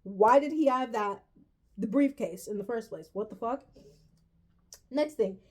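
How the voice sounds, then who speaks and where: A woman's voice: fairly high pitch, unhurried. A woman ranting casually to her viewers, profane and exasperated, rambling with restarts and self-corrections. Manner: profane and exasperated, says "bro" often. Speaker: vlogger reviewing a TV finale. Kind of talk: casual rant to camera.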